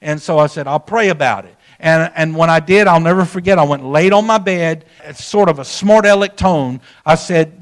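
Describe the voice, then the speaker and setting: High-voiced storytelling preacher man. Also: normal speed, hardly any pauses. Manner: folksy storytelling, addresses the congregation directly. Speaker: pastor. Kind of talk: sermon.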